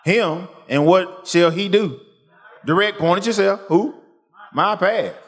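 A man's voice: high-pitched, slow. A man preaching a sermon in call-and-response style, pushing the congregation to answer him. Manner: animated, calls for congregation responses.

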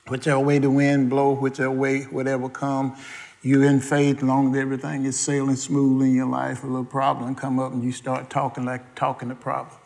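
A man preaching a sermon, quizzing the congregation with questions and folksy asides, in everyday dialect grammar. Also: medium pitch.

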